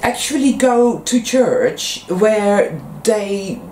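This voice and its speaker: A woman's voice: medium pitch, expressive, extremely slow, dark tone. A woman vlogging at home, speaking her mind in a rambling, frank way and swearing freely. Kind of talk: casual monologue to camera. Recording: roomy echo, faint background noise.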